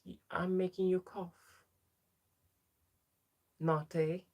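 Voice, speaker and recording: Chatty trans woman livestreamer, low voice. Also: little pitch movement, takes it slowly, darkish tone. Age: young adult. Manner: chatty, reads out viewer names and answers them. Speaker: livestream host. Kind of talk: casual livestream chat reading comments.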